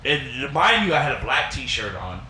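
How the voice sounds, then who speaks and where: A man's voice: mid-range voice, normal speed. A man co-hosting a podcast, casually telling a story with lots of swearing and acted-out quotes. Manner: profane, animated storyteller, acts out quotes. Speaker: podcast co-host. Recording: echoey room.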